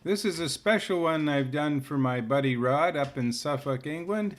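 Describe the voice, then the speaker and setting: A man hosting a live stream in relaxed, chuckling casual chat. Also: fairly high pitch, normal speed. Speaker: host.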